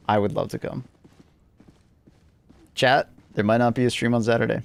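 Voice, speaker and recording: A man's voice: mid-range voice, flat delivery, normal speed, vocal fry, long pauses, clear, resonant tone, no room sound. A man chatting casually on a gaming livestream, sleepy and laid-back, swearing and teasing himself as he plays. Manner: profane, laid-back, self-mocking banter. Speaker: streamer.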